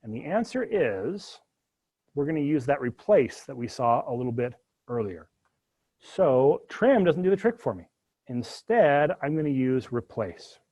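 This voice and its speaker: A man's voice: mid-range voice, a little slow, slightly rough. A man teaching a live spreadsheet coding lecture to his students, talking through each step with jokey asides. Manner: animated, jokey asides while working through code. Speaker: university instructor.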